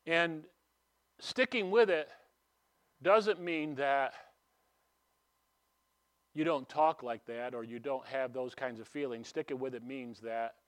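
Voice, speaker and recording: A man preaching a sermon in a conversational way, asking rhetorical questions and swinging between emphatic and hushed delivery. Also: medium pitch, slow, pauses often.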